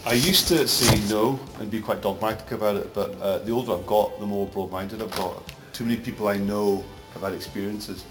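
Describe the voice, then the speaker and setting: A middle-aged Glaswegian man, an actor being interviewed, rambling through anecdotes that grow animated. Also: lowish voice, a little fast, few pauses. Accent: Glaswegian Scottish. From Scotland. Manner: rambling anecdotes, gets animated telling stories. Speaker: actor guest. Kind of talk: casual interview chat. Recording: roomy echo, music behind.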